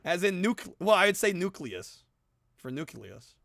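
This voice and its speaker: A male streamer chatting casually with his viewers, animated and argumentative, laughing often and swearing now and then. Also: sits high, normal speed, vocal fry. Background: background music.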